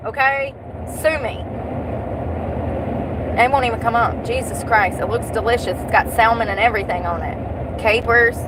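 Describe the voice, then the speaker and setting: A woman's voice: on the high side, moderate pace, pauses often. A young woman chatting while she drives, joking, rambling and laughing often. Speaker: vlogger. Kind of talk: casual chat while driving. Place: inside a car. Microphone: phone. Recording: road and car noise. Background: car noise.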